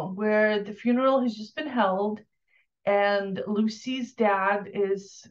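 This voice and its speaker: A woman's voice: mid-range voice, dull audio. A woman giving casual, opinionated book reviews, talking candidly with lots of fillers and restarts.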